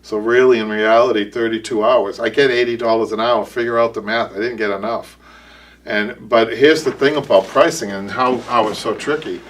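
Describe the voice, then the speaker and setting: A man's voice: mid-range voice, fairly even intonation, normal speed, distant mic. Rambling Boston-accented man, off-mic. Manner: rambling, repeats words, self-correcting. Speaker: upholstery shop owner and show host. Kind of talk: casual live-stream chat.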